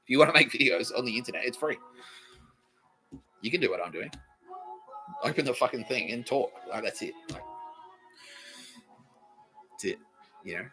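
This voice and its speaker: A man's voice: mid-range voice, lively intonation, moderate pace, pauses often, over music, poor audio. An Australian man hosting a podcast, rambling through a live monologue, swearing constantly and chuckling between thoughts. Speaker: podcast host.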